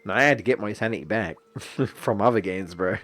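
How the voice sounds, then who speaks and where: A man's voice: lowish voice, animated, brisk, fairly bright tone, soft background music. A young man streaming a video game, ranting casually with lots of swearing and exasperated jokes. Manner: profane, exasperated, jokey rants. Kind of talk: casual gaming stream commentary.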